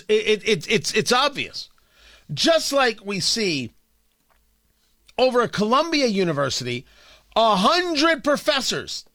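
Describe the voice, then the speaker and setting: A man's voice: very high voice, sharp tone, no room sound, studio quality. A male talk radio host delivering a sarcastic, ranting opinion monologue.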